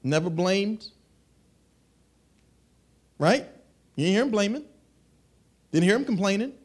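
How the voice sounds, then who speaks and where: A man preaching a sermon in an animated, conversational way, acting out little asides. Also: high-pitched, takes it slowly. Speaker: pastor.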